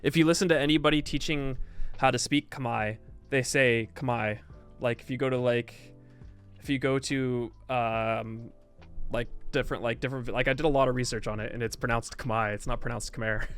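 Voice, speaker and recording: A man's voice: mid-range voice, fairly bright tone. Rambling male streamer, faint music behind. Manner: rambling, stop-start, reacts to chat, insistent. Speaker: game streamer. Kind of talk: casual livestream patch review.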